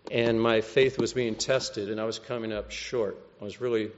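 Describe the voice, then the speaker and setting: A man's voice: on the low side, moderate pace, hardly any pauses, long reverb tail, highs cut off. An American man giving a wry, conversational testimony, acting out the voices he quotes. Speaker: speaker giving a personal testimony. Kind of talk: storytelling testimony.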